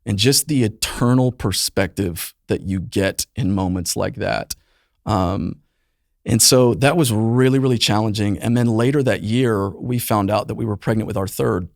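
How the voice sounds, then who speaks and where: A man in his thirties, a youth pastor guest on a podcast, telling a painful personal story earnestly and with emotion, often softening his voice. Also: normal speed, creaky, dry recording, clean studio sound. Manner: earnest, emotional storytelling, voice drops low and soft in painful moments. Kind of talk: personal testimony in conversation.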